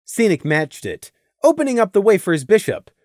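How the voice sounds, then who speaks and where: Very expressive fan audiobook narrator. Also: mid-range voice, brisk, dry recording, clean studio sound. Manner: expressive storytelling.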